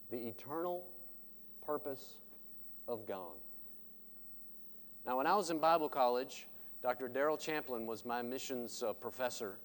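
A man preaching a sermon in church, swinging from loud, driving lines to hushed, slow emphasis. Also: medium pitch, big-room sound. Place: church sanctuary.

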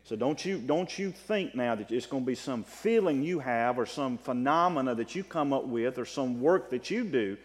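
A man preaching a sermon as pastor, animated, with a rising and falling delivery. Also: medium pitch, normal speed, hardly any pauses. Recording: long reverb of a large hall.

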